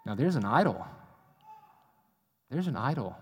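A man preaches a sermon at a middle pitch, mixing rhetorical questions with self-mocking asides. His voice carries a long reverb, as from a large hall. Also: sing-song, unhurried, darkish tone, breathy edge. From United States. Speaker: pastor.

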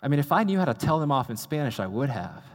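A man's voice: medium pitch, sing-song, fast. A man preaching a sermon in a conversational way, asking the audience rhetorical questions and mocking himself in asides. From United States. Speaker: pastor. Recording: long reverb of a large hall.

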